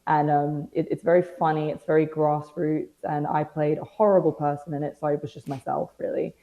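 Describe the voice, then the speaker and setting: A young British woman with a deep, fairly flat voice talks fairly quickly over phone-quality audio. She's a podcast guest in a casual interview, telling stories with dry, self-mocking humor and acting out quotes.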